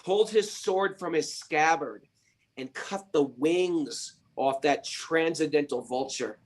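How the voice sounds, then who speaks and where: A slightly high-voiced man takes his time hosting a spiritual podcast. He recounts stories to teach, leaning on emphatic rhetorical questions.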